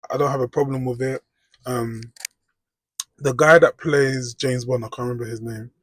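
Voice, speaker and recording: A man's voice: mid-range voice, fairly even intonation, moderate pace, husky, no room sound. A British man, chatting casually in a rambling reaction vlog. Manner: chatty, rambling, frequent "do you know what I mean". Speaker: vlogger.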